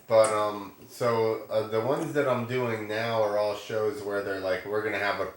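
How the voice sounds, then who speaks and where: A man with a fairly low voice chats loosely on a podcast, piling up fillers and restarts as he talks. He comes through a video call from a roomy, echoing space. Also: steady tone, measured pace. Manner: rambling, filler-heavy, laughs a lot. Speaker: podcast co-host, stand-up comic. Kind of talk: casual chat.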